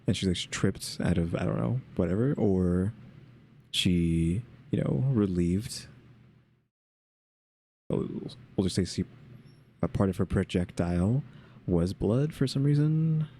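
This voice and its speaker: A man's voice: deep voice, lively intonation, measured pace, long pauses, mellow, slight background noise. A man giving casual reaction commentary with wry, questioning asides.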